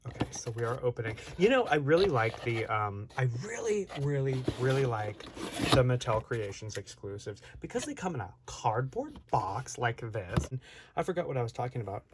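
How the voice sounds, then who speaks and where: A man's voice: medium pitch, creaky, noisy background. A man chatting casually while unboxing and reviewing an action figure, rambling and often interrupting himself. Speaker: toy reviewer.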